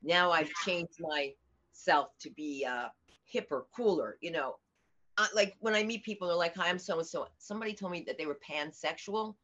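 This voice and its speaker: An older woman comedian, a guest in a casual interview, speaks at normal speed in a lowish, somewhat bright voice. She tells stories animatedly and acts out the voices of those she quotes, recorded in dull lo-fi audio.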